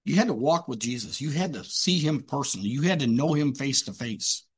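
A man's voice: medium pitch, lively intonation, a little fast, breathy edge. A man preaching a sermon emphatically, with rhetorical questions and repetition.

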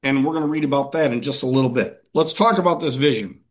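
A man's voice: medium pitch, quick pace. A man preaching a conversational sermon as pastor, telling the passage in a folksy way with frequent restarts. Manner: folksy, repeats and restarts words.

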